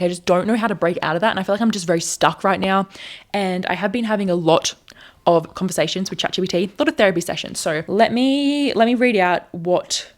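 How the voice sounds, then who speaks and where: Fast-talking young woman, earnest rambling. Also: on the low side. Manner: earnest, rambling, self-reflective. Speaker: content creator. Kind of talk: candid confessional vlog chat.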